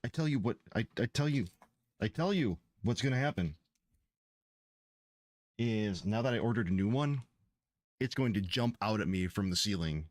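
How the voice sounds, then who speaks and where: A man's voice: on the low side, lively intonation, normal speed, pauses often, no room sound. A man streaming his game development, chatting casually in a rambling, profane, exasperated way. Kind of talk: casual livestream chat.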